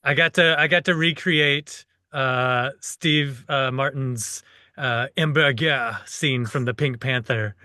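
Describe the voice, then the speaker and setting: A man with a bright, forceful voice, recorded close and dry. He chats about his acting in a modest, self-deprecating way and laughs often. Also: mid-range voice, takes it slowly, no echo. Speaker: actor. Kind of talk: casual commentary chat.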